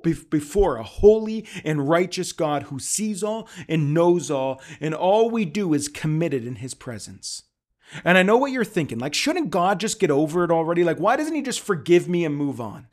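A man preaching an emphatic, conversational sermon outdoors at a church service in a park. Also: sits high. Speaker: pastor.

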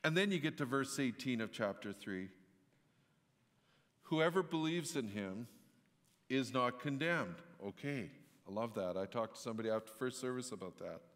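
A man's voice: mid-range voice, expressive, normal speed, a bit bright. Conversational male preacher in echoey hall. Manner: storytelling, conversational preaching with emphatic outbursts. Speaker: pastor. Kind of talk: sermon.

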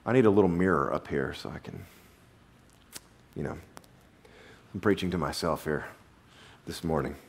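A male pastor preaching a sermon to his congregation in a church, animated, with sudden drops to a low murmur. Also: moderate pace, creaky, pauses often, husky. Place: church sanctuary.

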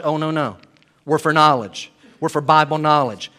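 A man preaching a sermon as pastor, swinging between loud emphatic declarations and quiet, hushed asides. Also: fairly high pitch, moderate pace, pauses often.

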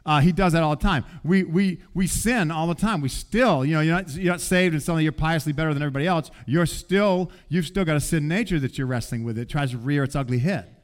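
Man in middle age, pastor preaching; slightly high voice, conversational and animated. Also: fast, hardly any pauses. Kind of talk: sermon.

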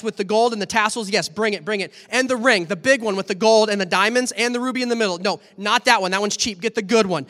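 A man playing an overjoyed lavish father barking orders. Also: extremely high pitch. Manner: excited barked orders. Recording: long hall reverb.

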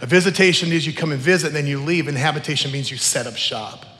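Man, pastor, earnest emotional sermon, slightly high voice, long hall reverb. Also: fast, sharp tone. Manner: earnest, emotional preaching with spoken prayers.

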